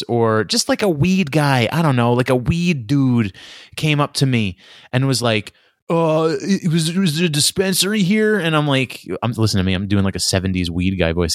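A man's voice: on the low side, no echo, clean studio sound. A young man ranting casually and sardonically, swearing a lot as he rambles on. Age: young adult. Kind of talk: casual solo rant.

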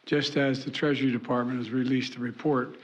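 A man making a formal public statement, deliberate and halting with restarts. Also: mid-range voice, flat delivery. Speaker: politician giving remarks. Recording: dull lo-fi broadcast clip.

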